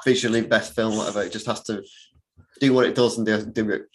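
A man's voice: fairly low pitch, steady tone, quick pace, low-quality recording. A man hosting a film podcast, talking casually and rambling with many fillers and restarts. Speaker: podcast host. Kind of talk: casual chat.

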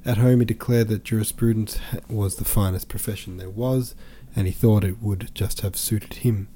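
A man reading a classic novel aloud as an audiobook, steady and measured. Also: fairly low pitch, slight background noise. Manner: steady, measured, even storytelling. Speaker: podcast host and audiobook reader.

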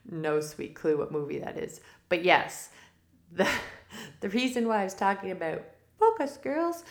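A woman hosting a spiritual forecast podcast, talking casually and rambling off on tangents with frequent laughs. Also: fairly low pitch. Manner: rambling and digressive; laughs often mid-sentence. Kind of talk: casual spoken monologue. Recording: roomy echo.

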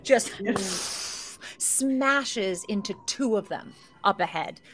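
A woman running a tabletop game as game master, telling the scene in a lively, playful way. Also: medium pitch, slow, a loud crowd.

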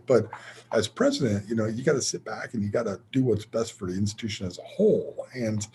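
Middle-aged man, college president guest; gravelly, candid storyteller, faint background hiss. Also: mid-range voice, warm tone. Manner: candid, storytelling, self-deprecating with laughs. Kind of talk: interview conversation.

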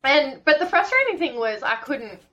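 A woman from Australia with an Australian accent, a podcast guest recounting a story in animated, emotional detail and laughing often. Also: high-pitched, normal speed, muffled recording. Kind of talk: casual storytelling.

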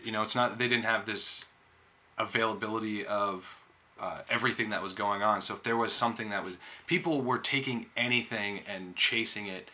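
A man's voice: lowish voice, steady tone, fairly quick, sharp tone. A man chatting casually as a podcast co-host, mostly giving short agreements and now and then musing at length. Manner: laid-back, short agreeing replies with longer musings.

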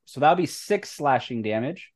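A man's voice: mid-range voice, lively intonation. Man narrating as game master. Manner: brisk rules narration.

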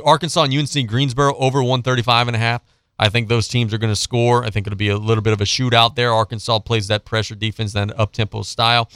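Guy hosting sports radio, ranting and sarcastic, bright clear voice. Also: medium pitch, no room sound, clean studio sound. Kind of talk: opinionated sports talk monologue.

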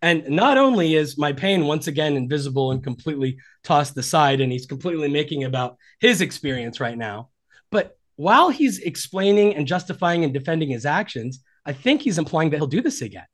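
Man in his forties, fairly high-pitched, earnest, reflective, podcast guest. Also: expressive, brisk. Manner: earnest and reflective, acting out quoted dialogue. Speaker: podcast guest, relationship coach and author. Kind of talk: conversational podcast interview.

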